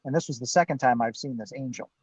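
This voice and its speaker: A man's voice: mid-range voice, quick pace, slightly rough, dry recording, poor audio. A man, a guest, telling a personal story in a rambling way, full of "you know" and "I'm like", from inside a parked car.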